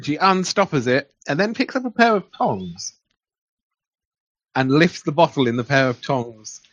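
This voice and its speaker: A man's voice: on the high side, sing-song, a little slow, fairly bright tone. A man narrating a tabletop game as game master, playful and loose, with fillers. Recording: dull lo-fi recording.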